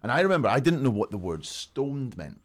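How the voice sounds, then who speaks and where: Scottish man, young, podcast guest, rapid-fire delivery, rambling anecdotes. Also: mid-range voice. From north of Scotland. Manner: rambling, animated storyteller. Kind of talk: casual chat.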